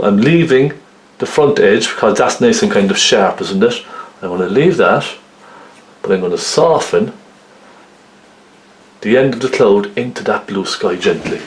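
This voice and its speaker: Chatty man teaching oil painting. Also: medium pitch. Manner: chatty, lots of tag questions like okay and isn't it. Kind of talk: step-by-step painting tutorial. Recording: roomy echo.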